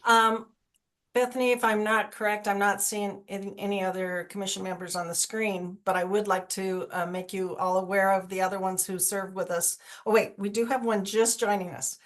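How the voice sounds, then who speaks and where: A woman speaking on a video call, introducing fellow members of a commission in a public forum. Her voice sits in a middle pitch and her talk is loose and chatty, full of fillers and restarts. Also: steady tone, moderate pace.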